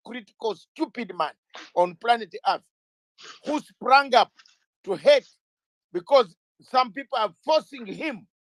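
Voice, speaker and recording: High-pitched man firing rhetorical questions. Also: no room sound, low-quality recording. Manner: emphatic, hammering rhetorical questions, sometimes shouting; repeats words when starting out. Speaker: interview guest, lawyer. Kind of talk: impassioned political talk.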